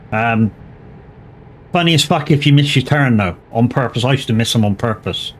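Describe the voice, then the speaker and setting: Casual, joke-filled and heavily profane, this live streamer in his 40s from Plymouth, England, laughs a lot as he plays a truck driving game. His mid-range voice moves fairly quickly, with a little hiss or hum behind it.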